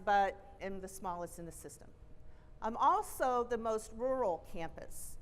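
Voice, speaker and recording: A middle-aged woman with a Texan accent, a college president giving a friendly, chatty conference keynote at a stage microphone. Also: fairly high pitch. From Texas. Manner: friendly, chatty, self-deprecating asides. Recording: reverberant auditorium.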